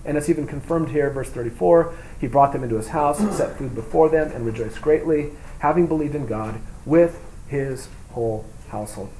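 A man preaching a sermon, reading scripture aloud and explaining it, moving between loud emphatic reading and quiet, low asides. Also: normal speed. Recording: echoey room with faint hum.

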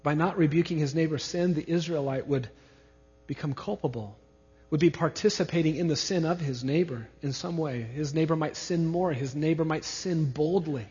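A man's voice: a little high, moderate pace, darkish tone. A male pastor preaching an expository sermon, who stresses his main points by repeating key words. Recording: reverberant hall, dull lo-fi sound.

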